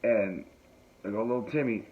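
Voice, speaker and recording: A man's voice: lowish voice, normal speed. A man hosting a podcast, telling a rambling comic story with frequent laughs and self-mocking asides. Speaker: podcast host. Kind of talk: comedic storytelling. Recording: phone-like tinny audio, faint noise.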